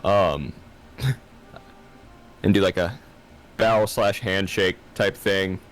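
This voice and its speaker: A man chats casually as a tabletop game player, loose and hesitant with many fillers. His voice is very deep. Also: steady tone, very slow. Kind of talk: casual chat.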